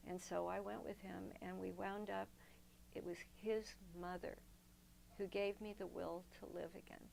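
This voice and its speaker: A woman's voice: medium pitch, little pitch movement, measured pace, creaky, a little mellow, a little hiss or hum, low-quality recording. An older woman, a guest in an interview, telling long personal stories in a reflective way, often restarting her sentences. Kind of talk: storytelling in a sit-down interview.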